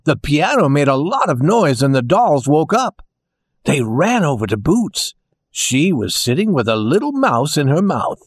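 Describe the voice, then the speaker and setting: A man narrating a children's storybook in a slow, gentle, expressive way. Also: fairly high pitch, husky, no room sound, clean studio sound.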